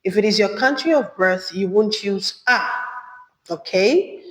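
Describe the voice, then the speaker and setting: A woman teaching a beginner French lesson, saying each phrase slowly and then repeating it. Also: medium pitch, lively intonation. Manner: slow, careful repetition of phrases. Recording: echoey room with long reverb.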